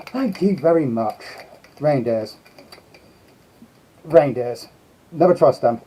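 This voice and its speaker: A man's voice: medium pitch, lively intonation, slow pace, pauses often. A man hosting a casual live stream, chatting and greeting his viewers one by one. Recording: slightly dull lo-fi sound.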